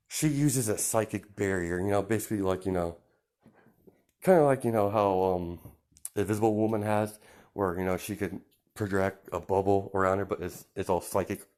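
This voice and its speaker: A man's voice: sits low, normal speed, pauses often, darkish tone. A man telling an improvised story in a casual, rambling way, full of fillers and restarts. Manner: rambling, many fillers and restarts, laughs at himself.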